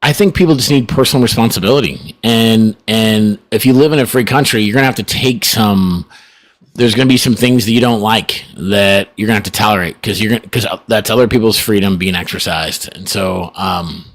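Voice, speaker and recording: A middle-aged man with a fairly low voice co-hosts a podcast, talking in a loose, rambling way. He circles back on his points and chuckles now and then as he goes. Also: brisk. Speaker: podcast co-host. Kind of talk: casual chat.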